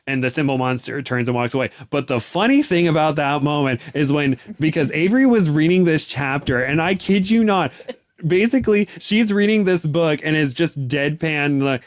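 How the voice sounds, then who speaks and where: A young man co-hosting a casual chat, animated and full of restarts, breaking into excited voices when he quotes someone. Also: a little high, moderate pace, dry recording, studio quality. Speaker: podcast co-host. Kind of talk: casual chat recapping a novel.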